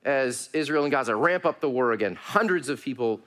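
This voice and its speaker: A man preaching a sermon to his congregation, moving between raised pleading and hushed, low passages, calling his listeners friends. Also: lively intonation, brisk. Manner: addresses congregation warmly as friends, uses y'all. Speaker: pastor.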